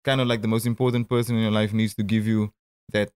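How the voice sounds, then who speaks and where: His voice is fairly low, flat in delivery, darkish and clean, with no room sound. He's a thirtysomething Cape Town rapper with a South African accent, guesting in a casual interview where he tells stories, stammers, restarts often and drops quick asides and laughs.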